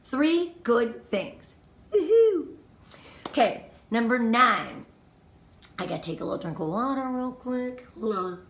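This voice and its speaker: A woman's voice: fairly high pitch, lively intonation, a little slow, fairly bright tone, reverberant. A woman leading a motivational training talk for her sales team, enthusiastic and emphatic, counting off tips and repeating her key points. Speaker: direct sales team leader.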